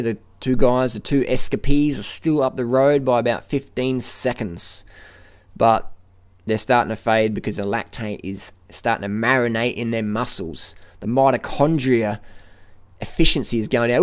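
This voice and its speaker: A middle-aged man narrates his own ride up a hill. He keeps a running play-by-play and repeats phrases as he goes. His voice sits at an average pitch for a man and is picked up outdoors by a camera on the bike. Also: fairly even intonation, moderate pace, smooth. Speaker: cycling vlogger. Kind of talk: live ride commentary.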